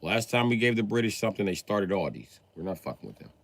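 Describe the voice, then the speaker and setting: A man's voice: sing-song, quick pace, creaky, no room sound. A man doing a profane, mocking stand-up rant on a live stream. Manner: profane, mocking, jumps in pitch. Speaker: comedian streamer.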